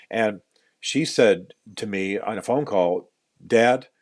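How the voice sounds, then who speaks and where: Middle-aged guy on a podcast, kinda low voice, earnest storyteller, repeats himself a lot, dry jokes, dead dry sound. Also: darkish tone, no room sound. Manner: earnest, repeats words while building points, dry self-deprecating jokes. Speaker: author and podcast guest.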